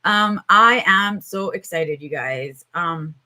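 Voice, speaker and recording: A woman hosting a casual morning livestream, sounding tired and low on energy, chatting with viewers with lots of fillers. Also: slow, sharp tone. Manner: chatty, greets viewers by name, many fillers. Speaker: livestream host.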